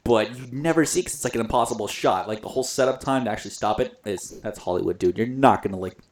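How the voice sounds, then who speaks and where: A young man in a casual hockey chat, excitable and animated, laughing often and speaking with many fillers. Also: mid-range voice, fast, slight background noise. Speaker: podcast co-host.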